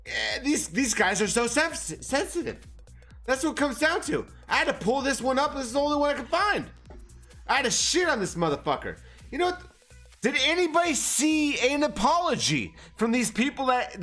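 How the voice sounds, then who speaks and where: A man's voice: extremely high pitch, sing-song, moderate pace, bright, forceful tone, faint music behind. A man ranting on a livestream about markets, profane and agitated. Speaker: market commentary streamer. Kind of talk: livestream rant.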